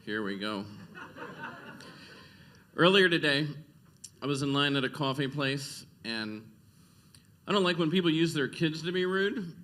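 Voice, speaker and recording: Male stand-up, deadpan one-liners, slightly high voice. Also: a little slow, long pauses. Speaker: stand-up comedian. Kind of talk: stand-up comedy set. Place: stage at a comedy club.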